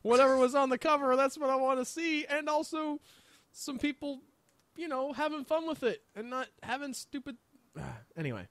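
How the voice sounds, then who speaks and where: A man's voice: very high voice, lively intonation, moderate pace, fairly bright tone, dry recording. A man co-hosting a podcast in casual chat, enthusiastic and rambling with lots of fillers. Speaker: podcast co-host.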